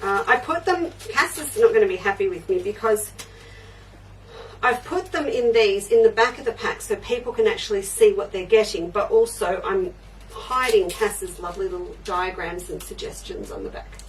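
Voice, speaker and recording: A woman's voice: mid-range voice, moderate pace, distant mic, a little hiss or hum, rough recording. An older woman hosting a live quilting show, chatting away and answering viewers' comments as they come in. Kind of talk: live crafting show chat.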